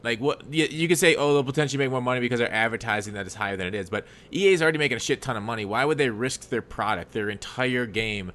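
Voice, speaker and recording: A man's voice: medium pitch, racing, hardly any pauses, fairly bright tone. A man reasoning through an argument in a casual podcast debate, often restarting his sentences. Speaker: podcast co-host.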